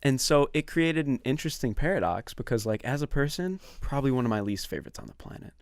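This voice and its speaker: A man on a podcast mic tells lively anecdotes in a steady mid-range voice. The sound is close and dry, with no room around it. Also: mid-range voice, fast, gravelly, dry recording. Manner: animated storyteller who acts out customers in voices. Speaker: podcast guest or co-host. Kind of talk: casual storytelling chat.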